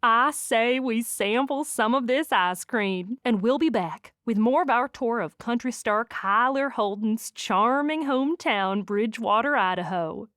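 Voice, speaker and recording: A woman's voice: a little high, a little slow, hardly any pauses, fairly bright tone, dry recording, clean studio sound. A woman doing a bubbly Southern TV interviewer. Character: friendly middle-aged female TV interviewer.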